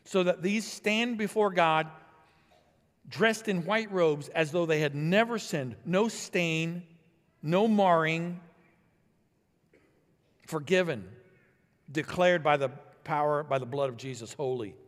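A man preaching a sermon as pastor, building to emphatic swells and then dropping low and quiet. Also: slow pace, long pauses, big-room sound.

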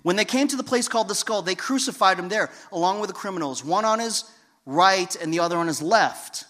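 Male preacher with a higher voice. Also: brisk. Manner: storytelling, swings between hushed and loud emphatic. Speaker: pastor. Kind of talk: sermon.

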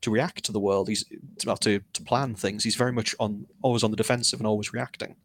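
A man's voice: on the low side, steady tone, fast, dry recording. Man, author guest, casual interview, candid, self-deprecating.

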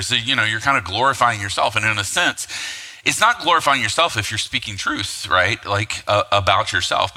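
Pastor guy preaching, chatty with lots of asides, kinda low voice, long echo like a big church hall. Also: pushed and bright. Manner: conversational, rhetorical asides, frequent fillers. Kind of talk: sermon.

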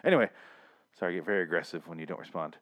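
A man's voice: low-pitched, fairly bright tone. A man co-hosting a podcast, riffing in crude, sarcastic banter with his friend. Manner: sarcastic, riffing, quick to mock. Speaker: podcast co-host.

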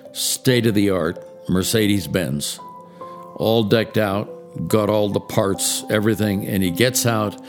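A man preaching a Christmas Eve sermon, telling a story in a slow, measured way with dramatic pauses. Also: lowish voice. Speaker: pastor.

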